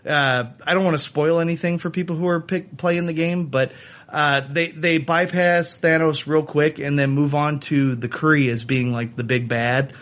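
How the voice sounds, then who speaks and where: A man with a somewhat raised voice, chatting casually as a podcast co-host. He talks in quick bursts with frequent fillers while reviewing a game. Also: fairly high pitch, steady tone, fairly bright tone. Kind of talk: casual chat.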